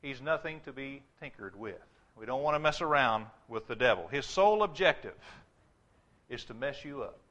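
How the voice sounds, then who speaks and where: Bright-voiced male preacher. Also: animated. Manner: emphatic preaching, drops low and slow for warnings. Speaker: pastor. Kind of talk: sermon.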